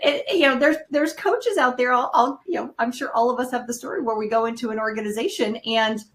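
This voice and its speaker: A middle-aged woman hosting a live panel discussion, talking with restarts and quick asides. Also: fairly high pitch, a bit bright, low-quality recording. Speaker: panel host.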